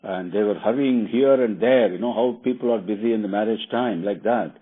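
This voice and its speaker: Husky storyteller on a phone line. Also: male voice, lowish voice, a little fast. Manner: meandering, with fillers and restarts, relishing details. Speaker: storyteller and teacher. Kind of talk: casual storytelling lesson.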